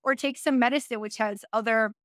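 A woman's voice: a little high, steady tone, fairly quick, fairly bright tone, smooth, no echo, studio quality. Chatty woman telling her story. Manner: chatty, frequent fillers and self-corrections, laughs often. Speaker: interview guest. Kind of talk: casual conversational storytelling.

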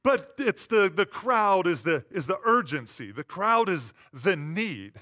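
A man preaching a sermon as pastor, conversational and playful, dropping to quiet asides and rising to loud, emphatic repetition. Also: high voice, very animated, measured pace.

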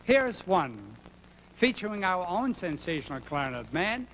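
A man's voice: high voice, big pitch swings, a little slow, heavy background noise. A man introducing acts on a 1970s television music show with cheery showman patter. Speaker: bandleader host. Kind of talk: stage announcing. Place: TV studio stage with audience. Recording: reverberant 1970s TV studio stage.

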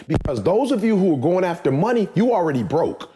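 Emphatic man with a mellow voice. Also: a little high, big pitch swings, brisk, few pauses, a little hiss or hum. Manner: emphatic, preachy, repeats phrases for stress. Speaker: podcast host. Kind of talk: casual podcast chat.

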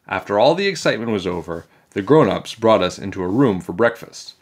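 A man reading a children's chapter book aloud in a playful, animated way. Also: on the low side, brisk, breathy edge. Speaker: storybook reader.

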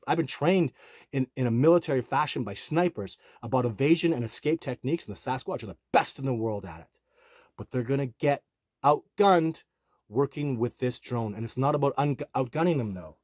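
A middle-aged man with a husky, slightly breathy voice speaks straight to his viewers. He keeps pressing the same points in a rambling, self-assured monologue. The sound is close and dry, with no room around it. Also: mid-range voice, a little mellow, dry recording. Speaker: bigfoot researcher and channel host.

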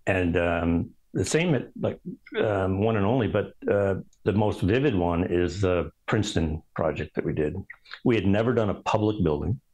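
A male architect guest telling stories in casual conversation, halting, with many ums and restarts. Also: low voice, a little mellow, low-quality recording. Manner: rambling, halting delivery full of ums and restarts.

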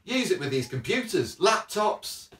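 Chummy man, high animated voice, distant in an echoey room. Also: unhurried. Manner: enthusiastic, keeps saying "mate". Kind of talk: comedy sketch banter.

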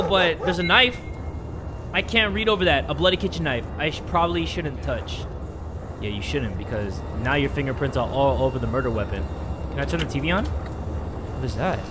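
High, animated young male gamer. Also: normal speed, pauses often, background noise. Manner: excitable, jokey, shouting when scared. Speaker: gaming YouTuber. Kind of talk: let's-play commentary. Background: game music.

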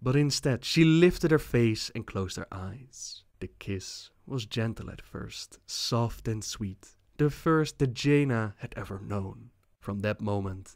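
A man narrating video game lore in a measured, calm storytelling manner. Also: medium pitch, no room sound, clean studio sound.

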